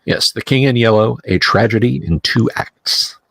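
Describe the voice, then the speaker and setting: Game master who narrates in a halting, restart-heavy way, with a dry close sound. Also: male voice, medium pitch, creaky, a bit bright, no room sound. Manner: halting, full of restarts and fillers. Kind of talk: narrating a tabletop horror game.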